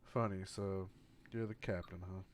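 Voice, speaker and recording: A man's voice: low voice, fairly even intonation, measured pace, a little hiss or hum. A man playing a tabletop game, talking in a dry, sarcastic way. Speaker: player. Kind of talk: casual tabletop play.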